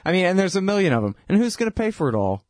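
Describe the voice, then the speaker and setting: A man's voice: high voice, big pitch swings, racing, a little mellow, no room sound, studio quality. A man giving casual, sardonic political commentary, laughing at his own points and peppering his talk with "dude" and "man". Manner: filler-heavy, says dude and man.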